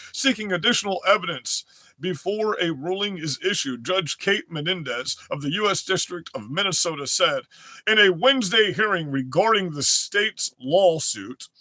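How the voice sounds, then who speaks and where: A man's voice: sits high, pushed and bright, no room sound. A young man reading news headlines aloud and breaking into profane, aggressive, mocking rants as a commentary host.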